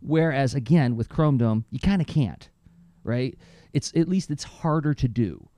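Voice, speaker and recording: A middle-aged man co-hosting a podcast in casual chat, an enthusiastic storyteller whose voice jumps up when excited. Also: measured pace, no echo, studio quality. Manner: animated, enthusiastic storyteller with lively pitch jumps. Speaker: podcast co-host.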